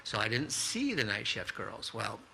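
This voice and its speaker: A man in his sixties telling a personal story aloud at a live storytelling event, lively and anecdotal, acting out the dialogue. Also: lowish voice, moderate pace, vocal fry, slight background noise. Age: 60s. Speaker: contributing author.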